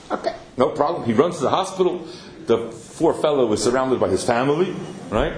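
A man telling a story as a sermon, animated, with many Yiddish and Hebrew terms in his English. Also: medium pitch, a little fast, roomy sound.

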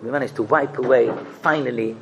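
Gravelly man giving a sermon. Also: mid-range voice, a little fast, lo-fi sound, background noise. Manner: rhetorical questions, expressive storytelling. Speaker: rabbi giving a talk.

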